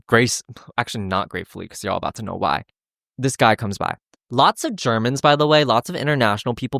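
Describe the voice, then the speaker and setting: Swearing, animated podcast host, dry close sound. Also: medium pitch, dry recording. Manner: animated, acts out quotes, swears freely. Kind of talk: casual storytelling monologue.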